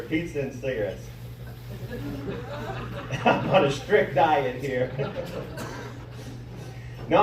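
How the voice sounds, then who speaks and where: High, lively man doing stand-up. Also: slight background noise. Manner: animated storytelling, acting out friends' lines. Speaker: stand-up comedian. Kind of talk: stand-up set. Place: comedy club stage. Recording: echoey room mic'd from a distance.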